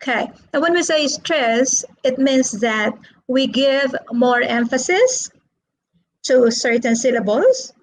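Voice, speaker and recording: A woman teaching an online English lesson, asking the class questions in a slow, drawn-out teaching manner. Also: sits high, animated, rough recording.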